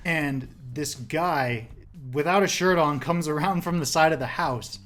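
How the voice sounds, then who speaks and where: A young man telling a story in a loose, rambling way. He leans on filler words and curses freely, and his voice sits a little high. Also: moderate pace, a bit bright. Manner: rambling, filler-heavy, swears. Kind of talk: casual storytelling.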